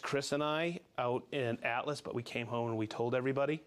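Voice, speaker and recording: A man's voice: medium pitch, brisk, few pauses. A man from South Florida hosting a live stream, playfully reading out viewers' names and hometowns with whoops and banter. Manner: upbeat, playful, calling out names and places with whoops. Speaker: livestream host.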